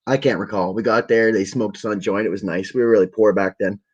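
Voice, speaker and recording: A young man from the Ottawa area telling a long, profane story in a relaxed, rambling way to a camera at home. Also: fairly low pitch, quick pace, slightly rough. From Ottawa area, Canada. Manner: rambling, profane, laid-back. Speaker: vlogger. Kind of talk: casual storytelling. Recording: dull lo-fi webcam audio.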